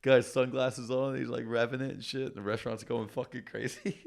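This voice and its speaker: Gravelly-voiced man rambling casually. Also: mid-range voice, level tone, a little fast. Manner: rambling storyteller, swears a lot. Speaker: podcast co-host. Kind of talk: casual chat.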